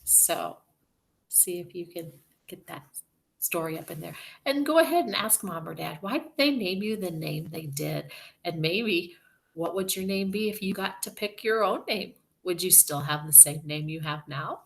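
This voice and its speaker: A woman teacher reading a storybook aloud to children, slow, expressive and gentle. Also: fairly low pitch, gravelly.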